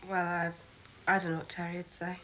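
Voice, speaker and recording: A woman's voice: fairly low pitch, completely flat delivery, brisk, a bit bright, slight background noise, close to an everyday voice. An actress playing a young woman who talks casually and turns defensive. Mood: chatty. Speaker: young fiancée. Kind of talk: TV drama acting.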